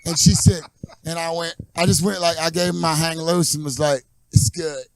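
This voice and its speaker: A man hosting a podcast, telling stories in casual chat and acting out quotes loudly. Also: fairly high pitch, moderate pace, vocal fry, clear, resonant tone. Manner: animated storyteller, acts out quotes. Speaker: podcast host.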